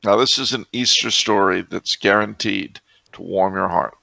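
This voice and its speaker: A man co-hosting a podcast, telling absurd stories with deadpan, mock-logical seriousness in casual comedic chat. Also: sits low, moderate pace, vocal fry, no room sound. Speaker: podcast co-host.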